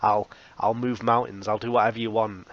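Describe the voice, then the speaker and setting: A man's voice: on the low side, flat delivery, a little fast, dull audio, close to an everyday voice. A man voicing an eager young male footballer with a Worksop accent, earnestly promising his boss he'll work harder. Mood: pleading.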